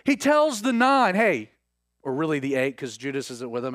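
A man's voice: on the high side, sing-song, normal speed, a bit bright, no room sound, clean studio sound. A man preaching a sermon, retelling scripture as a story and acting out the quoted speech with many restarts. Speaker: pastor.

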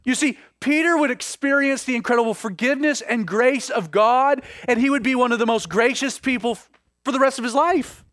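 High-voiced man preaching a dramatic sermon. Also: brisk, a bit bright, no room sound, studio quality. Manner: dramatic preaching, voices scripture figures with rising intensity. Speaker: pastor.

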